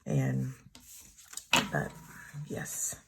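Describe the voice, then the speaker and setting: A woman's voice: extremely slow, heavy background noise. A middle-aged woman, rambling through a personal story and laughing often as she decorates her planner. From Texas. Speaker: planner vlogger.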